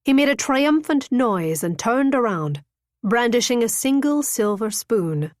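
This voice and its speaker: A woman's voice: a little high, lively intonation, unhurried, no echo, clean studio sound. Woman narrating a romance audiobook.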